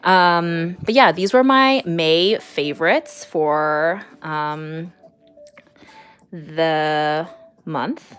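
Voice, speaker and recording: A woman's voice: deep voice, very slow, fairly bright tone, clear, resonant tone. A young woman chatting casually on a home art livestream, rambling with lots of fillers and small laughs. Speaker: artist streaming live.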